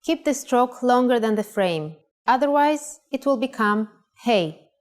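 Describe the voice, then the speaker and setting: A woman presenting a scripted language lesson, pronouncing words clearly and carefully. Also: fairly high pitch, expressive, unhurried. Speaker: language teacher.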